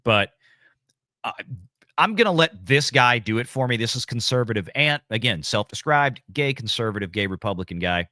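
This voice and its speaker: A male livestream host speaks in a subdued, halting way, restarting his thoughts. His voice is forceful and bright, recorded dry and close. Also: mid-range voice, animated, dry recording. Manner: somber, halting, many fillers and restarts. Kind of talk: casual livestream commentary.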